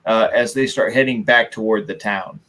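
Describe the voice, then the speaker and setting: A man running a tabletop role-playing game as game master, describing scenes in an animated way and often repeating words. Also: lowish voice, normal speed. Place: home streaming setup.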